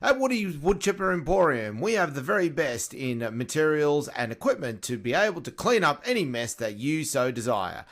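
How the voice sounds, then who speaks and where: Guy doing a cheesy infomercial pitchman, bouncy sing-song sell, parody ad. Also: sing-song, normal speed, hardly any pauses, a bit bright, exaggerated voice. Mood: salesy. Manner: hard-sell ad read, barely holding back laughs. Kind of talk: parody advertisement.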